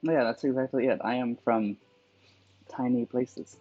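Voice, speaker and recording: A calligrapher livestreams his work, chatting casually and musing aloud as he drifts onto tangents. His mid-range voice is steady and a little mellow, at a measured pace. The sound is dull and lo-fi, with faint music behind him.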